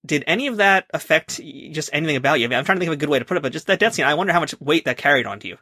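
A man's voice: a little high, animated, very fast, sharp tone, breathy edge, no echo, clean studio sound. A man hosting a podcast, asking rambling, hesitant questions full of fillers. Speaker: podcast host, interviewer. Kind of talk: casual interview questions.

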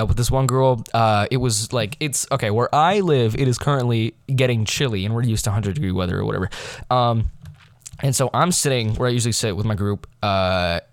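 A man's voice: on the low side, no room sound. A teenage boy hosting his own podcast, telling stories in a rambling, self-deprecating way with lots of fillers and restarts. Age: teens. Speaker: podcast host. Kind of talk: casual storytelling monologue.

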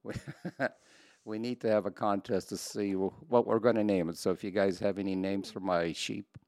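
A man's voice: on the low side, fairly even intonation, normal speed, a little mellow, no room sound. An older man co-hosting a podcast, chatting casually and joking with frequent laughs. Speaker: podcast co-host. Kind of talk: casual chat.

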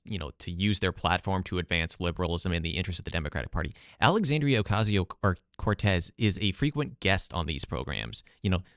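Deep-voiced man, dry close sound. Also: a bit bright, no echo. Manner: hedging, many "like" and "you know" fillers. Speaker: guest, study author. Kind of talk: casual political talk.

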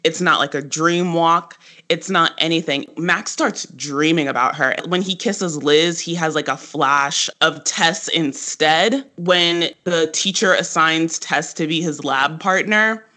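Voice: mid-range voice, a little slow. A podcast co-host recapping a TV episode in casual, profane chat, full of "like" and laughter. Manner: animated and profane, lots of "like" fillers and laughter.

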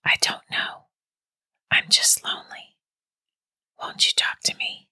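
A woman's voice: takes it slowly, no room sound. A woman voicing a lonely, coaxing thing that whispers through a disconnected phone, in an unvoiced whisper. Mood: pleading whisper. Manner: soft, pleading, quietly commanding.

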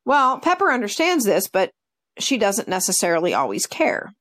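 A woman dog trainer in casual podcast conversation, telling lively stories and acting out her dogs' reactions. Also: medium pitch, moderate pace, slight background noise.

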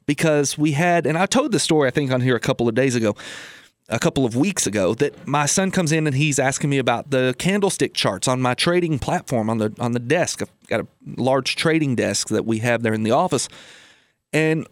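A man's voice: mid-range voice, lively intonation, a little fast, no room sound. A man hosting a personal finance radio show, telling a folksy family story and repeating key lines for emphasis. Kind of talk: casual radio talk about personal finance. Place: radio studio.

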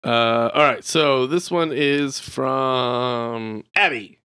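A young man co-hosts a casual podcast, rambling through crude hypotheticals with constant fillers. His voice is mid-pitched and the sound is close and dry. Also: very slow, bright, forceful tone, clean tone, no echo. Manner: rambling, full of "like". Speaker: podcast co-host.

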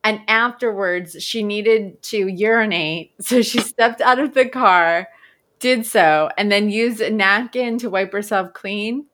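A woman's voice: mid-range voice, a little slow, fairly bright tone. A young woman co-hosting a podcast, reading a news story aloud in a casual way. She drops in wry, joking asides as she goes. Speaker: podcast co-host.

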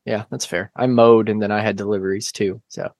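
A man's voice: fairly low pitch, level tone, a little fast, darkish tone, no echo. A man chatting as a returning guest on a podcast, telling stories with dry, teasing humor. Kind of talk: casual podcast chat.

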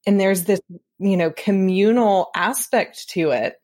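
A woman's voice: mid-range voice, measured pace, darkish tone. A woman hosting a casual conversation, telling stories and encouraging her guest. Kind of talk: casual chat.

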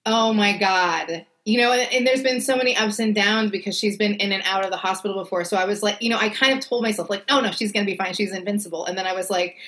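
A woman's voice: mid-range voice, fast, few pauses. Chatty woman podcast co-host. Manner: chatty, expressive, lots of fillers like "like". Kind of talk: casual chat.

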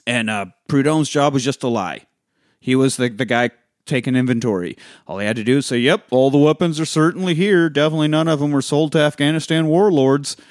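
A man in casual podcast chat, recapping a film with lots of energy and cursing as he goes. He acts out the characters' lines in quick bursts. His voice sits in a middle range and sounds close and dry, with no room around it. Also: medium pitch, no room sound. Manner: animated, acts out characters' lines while retelling, swears a lot. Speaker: podcast co-host.

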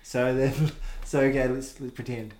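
A man's voice: medium pitch, steady tone, measured pace, a little mellow. A man co-hosting a podcast in casual chat, rambling and playful with crude stories. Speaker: podcast co-host. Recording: roomy echo.

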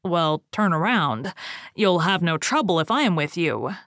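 A woman's voice: on the low side, big pitch swings, measured pace, fairly bright tone, no room sound, clean studio sound, exaggerated voice. A woman voicing a brave young prince in a fairy tale read aloud, plain and resolute. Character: weary wandering young prince, a brave champion.

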